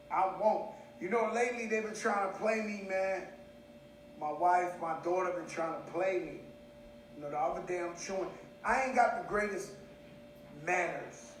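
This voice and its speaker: Brief: New man, high and animated, livestreaming on a phone at home, roomy and distant sound. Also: slight background noise. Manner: boisterous, animated storytelling. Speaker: host. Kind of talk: casual live-stream chat. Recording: echoey room, voice off-mic.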